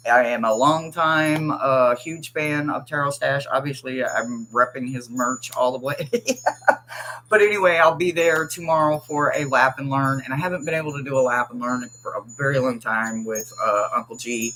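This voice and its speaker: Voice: mid-range voice, moderate pace, bright, forceful tone, slight background noise, rough recording. A tarot reader hosting a livestream, chatting casually, teasing viewers and laughing often while reading the chat aloud.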